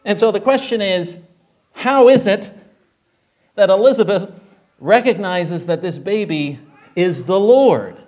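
A man's voice: high-pitched, lively intonation, a little slow, long pauses, darkish tone. Conversational man preaching a sermon. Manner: conversational, rhetorical questions, frequent fillers.

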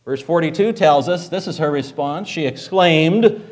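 A man's voice: fairly high pitch, normal speed. A male preacher giving a sermon in a conversational way, asking rhetorical questions with frequent filler words.

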